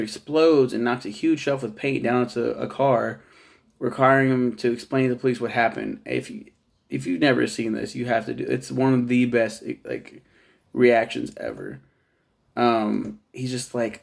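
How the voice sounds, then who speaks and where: A man's voice: medium pitch, lively intonation, measured pace, creaky. A man casually reviewing a TV show in a rambling, profane monologue, laughing at his own jokes.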